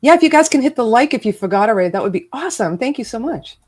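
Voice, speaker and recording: A woman hosting a casual livestream, chatty and quick to laugh as she thanks her guests. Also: a little high, lively intonation. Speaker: livestream host.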